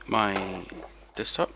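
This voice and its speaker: A man's voice: on the low side, creaky, sharp tone, slight background noise, poor audio. A tired young man chatting casually to viewers on a live stream, rambling about his race. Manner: rambling, talks to chat viewers. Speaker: sim racing streamer.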